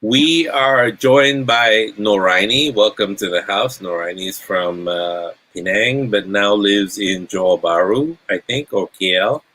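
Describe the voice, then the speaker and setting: Low voice guy hosting a chat, stammers and restarts a lot, easygoing. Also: measured pace, hardly any pauses, pushed and bright, rough recording. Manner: hesitant, stammering restarts, laughs while telling stories. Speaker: host. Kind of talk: casual chat.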